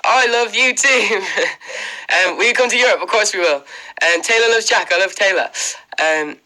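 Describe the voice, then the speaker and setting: A young man with an Irish accent talks straight into a phone held close, streaming live from his bedroom. His voice is bright and sits a little high, and he rambles with plenty of fillers while reading out and thanking viewers one by one. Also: normal speed, low-quality recording. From Ireland. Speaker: livestream host. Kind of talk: casual livestream chat reading comments. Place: bedroom indoors.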